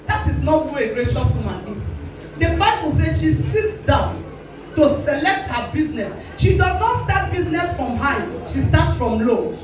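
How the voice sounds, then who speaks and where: A woman's voice: high voice, expressive, normal speed. A woman pastor with a Nigerian English accent preaching a sermon, challenging her listeners directly and acting out quoted voices. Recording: very echoey hall with faint music, voice from a distance.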